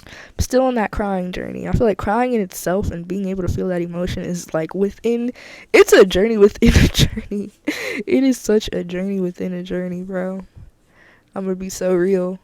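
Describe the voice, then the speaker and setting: A woman's voice: medium pitch, normal speed, a little mellow, dry recording. A woman hosting her own podcast, talking candidly and emphatically in a casual solo monologue, often repeating herself for emphasis. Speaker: podcast host.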